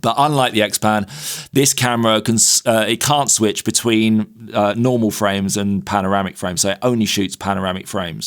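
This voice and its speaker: Chatty man explaining gear. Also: fairly low pitch. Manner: chatty, explains gear at length with many fillers. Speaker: podcast co-host. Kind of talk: casual podcast chat.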